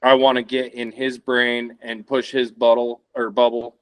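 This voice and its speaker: A man's voice: medium pitch, monotone, a little slow, smooth, dry recording. A man in his thirties, a podcast guest talking casually and rambling as he searches for words. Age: 30s. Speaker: podcast guest, elk hunter.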